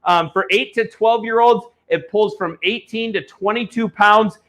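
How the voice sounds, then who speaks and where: Running an online auction livestream, a man pushes products salesman-style, blunt and heated. His voice is high, bright and forceful, and his pace is a little slow.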